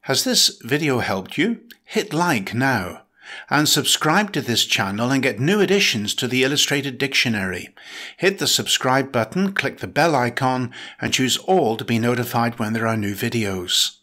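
Man, vocabulary teacher, scripted narration, bright tone, clear measured delivery. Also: mid-range voice, lively intonation.

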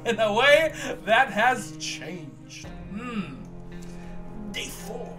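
Bright-voiced man reading game text aloud. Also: high voice, sing-song, drawn-out words, soft background music. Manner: jokey, reads game text with mock drama, laughs at himself. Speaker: let's play host.

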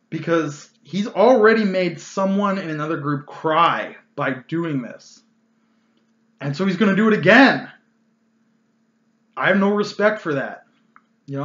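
A man's voice: a little high, fairly bright tone, echoey room, highs cut off. A man hosting his own channel, telling a tabletop gaming story in a casual, exasperated rant full of loose fillers.

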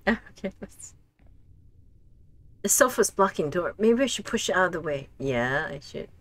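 A woman streaming a game, reacting out loud as she plays, talking to herself and laughing often. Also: on the low side, expressive, normal speed. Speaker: gaming streamer. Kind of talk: casual let's play commentary.

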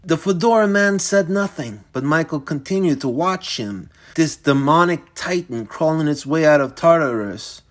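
A man's voice: fairly high pitch, animated, normal speed, few pauses. Man narrating a gritty crime thriller. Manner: intense, gritty storytelling. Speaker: author reading his own novel. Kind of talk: dramatic audiobook narration.

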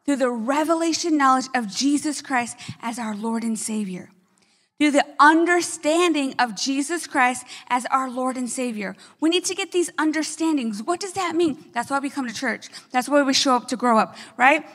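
A woman pastor delivering an energetic sermon, often checking in with the congregation with quick asides. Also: sits high, long reverb tail. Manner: energetic preaching with frequent "right?" asides.

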